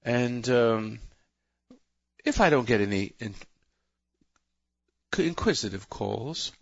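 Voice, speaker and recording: A man's voice: mid-range voice, expressive, slow, gravelly, dry recording, dull audio. A man hosting a call-in radio show, lecturing in a rambling, preachy way and often breaking off mid-sentence. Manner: rambling, self-interrupting, preachy. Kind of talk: talk radio monologue.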